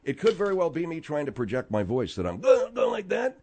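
Animated man hosting a talk show. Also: fairly high pitch, brisk, a little hiss or hum. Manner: animated, rambling explanations with many fillers. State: slightly strained voice. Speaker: radio talk show host. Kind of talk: casual talk show chat.

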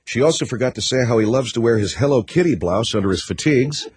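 A man's voice: mid-range voice, expressive, fast, darkish tone, slight background noise. A man hosting a talk radio show, riffing sarcastically and mockingly on news stories.

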